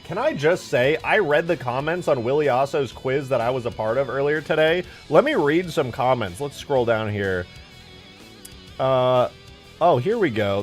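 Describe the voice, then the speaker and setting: A young man casually chatting with his livestream chat while modding a game, joking around and swearing often. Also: mid-range voice. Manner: animated, swears often, jokey banter with chat. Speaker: streamer modding a video game.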